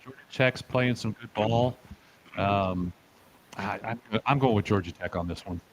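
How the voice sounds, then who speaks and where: A man co-hosting a casual football picks show, soft-spoken and hesitant, trailing off between thoughts. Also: on the low side, measured pace, slight background noise, poor audio. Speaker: show co-host. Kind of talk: casual sports betting chat.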